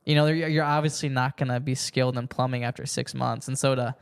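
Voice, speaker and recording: A man's voice: mid-range voice, steady tone, fast talker, creaky, clean tone. A young man hosting a casual podcast chat, rambling with restarts and acting out quoted lines. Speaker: podcast host.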